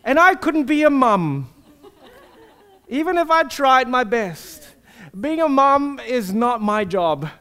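A man's voice: very high voice, very animated, slow, a bit bright, clear, resonant tone. A male pastor preaching an earnest, personal sermon, asking the congregation rhetorical questions.

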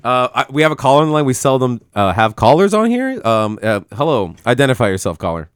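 Male podcast host, quick delivery, animated swings in pitch, profane casual chat, dry close sound. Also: smooth, no room sound. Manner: profane, animated, acts out characters.

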